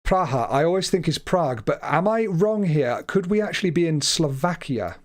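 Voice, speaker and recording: A man with a slightly high voice hosts a live stream and talks through a guessing game as he plays. His delivery is chatty and unscripted. He often stumbles and restarts his words while he works things out. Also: sing-song, moderate pace. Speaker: livestream host. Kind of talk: live game commentary, thinking aloud.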